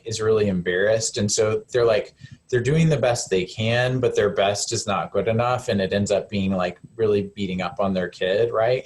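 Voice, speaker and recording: Gentle, conversational male counselor. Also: on the low side. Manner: gentle, conversational, many fillers and restarts. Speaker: counselor presenting a webinar. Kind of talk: live webinar presentation.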